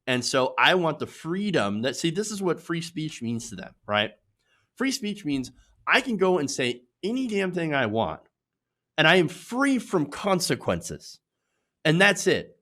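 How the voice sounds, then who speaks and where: A man hosting political commentary in a sarcastic, mocking, animated way. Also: on the high side, unhurried.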